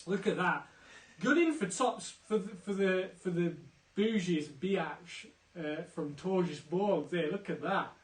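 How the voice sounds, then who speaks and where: A man hosting a live online pub quiz, chatty and upbeat, teasing the players and giving them shout-outs. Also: high-pitched, measured pace, hardly any pauses, recorded from a distance. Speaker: quiz host. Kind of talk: live-streamed quiz banter. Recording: roomy, off-mic, faint music.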